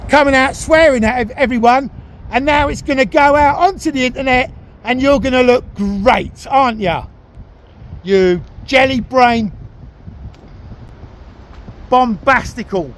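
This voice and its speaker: A man filming outdoors with a handheld camera, shouting and mockingly taunting the person in front of him. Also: very high voice, normal speed. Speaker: YouTube auditor filming. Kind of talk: confrontational street filming. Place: outdoors by an office building.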